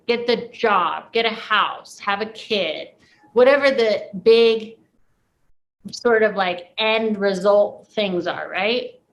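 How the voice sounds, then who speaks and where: A woman's voice: medium pitch, a bit bright, rough recording. A woman leading a class, talking through a spiritual coaching idea in an earnest, reflective way with many "like"s. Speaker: class leader.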